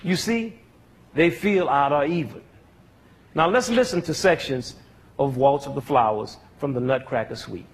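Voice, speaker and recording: A man's voice: mid-range voice, a little slow. A man explaining music to a young audience in an educational talk, teaching step by step and asking the audience questions as he goes.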